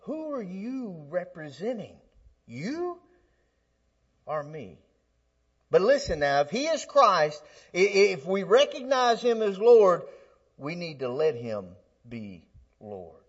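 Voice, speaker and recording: A man preaches in a loose, conversational style, often restarting his phrases before building to forceful peaks. The recording has a slightly dull, lo-fi sound. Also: high voice, big pitch swings, takes it slowly, pauses often, slightly rough. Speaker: pastor. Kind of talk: sermon.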